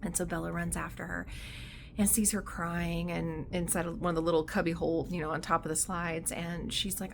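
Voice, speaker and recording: A woman talking casually in a book vlog, excitable and giggly, with many fillers between her thoughts. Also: fairly low pitch, a little fast, gravelly, background noise. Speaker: book vlogger.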